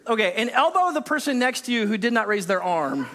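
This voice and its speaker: A man's voice: high-pitched, very animated, a little fast, bright, forceful tone, big-room sound. A man preaching a conversational sermon to a congregation, chatty and self-deprecating, with joking asides. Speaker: pastor. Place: church service with a congregation.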